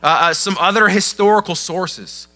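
A man delivers a sermon with a very bright, forceful tone and a fairly high pitch. He tells the story in a casual, animated way, full of asides to the room. Faint music plays behind him. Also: moderate pace. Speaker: pastor.

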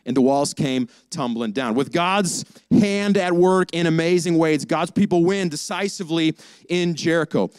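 Young male pastor, casual sermon, animated storyteller, slightly high, smooth and dry. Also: no echo. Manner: animated storytelling, acts out dialogue, slangy.

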